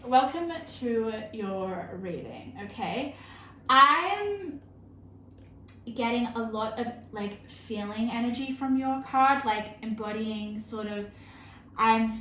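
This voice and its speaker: A woman giving an intuitive tarot reading to her viewers, earnest and emotional, halting often with fillers and restarts. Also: fairly high pitch, a bit bright. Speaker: tarot reader. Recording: roomy with faint background hiss.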